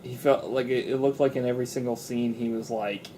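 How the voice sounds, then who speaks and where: A man's voice: mid-range voice, steady tone, a little fast, warm tone, slight background noise. A young man co-hosting a casual movie review chat, loose and profane, often laughing.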